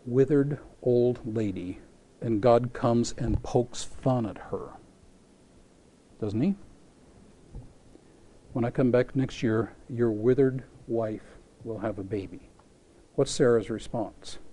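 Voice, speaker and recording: A man's voice: mid-range voice, slow, long pauses, warm tone. A man preaching a sermon. He tells a scripture story with animation, acts out voices in it, and asks rhetorical questions.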